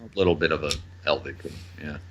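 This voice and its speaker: A man's voice: a bass voice, steady tone, fast, a bit bright, highs cut off. A man co-hosting a casual film podcast, talking loosely, swearing now and then and rattling off cast trivia. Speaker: podcast co-host.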